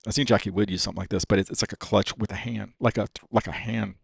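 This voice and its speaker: A man's voice: lowish voice, steady tone, fast, gravelly, breathy edge, no room sound. A man on a podcast telling a long personal story in casual, profane talk, full of "dude" and "you know what I mean.". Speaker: podcast guest.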